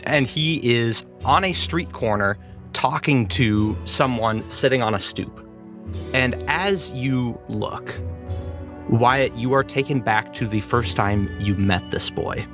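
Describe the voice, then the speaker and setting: A man's voice: mid-range voice, slow, music in the background. Man narrating as game master. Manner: descriptive storytelling with restarts.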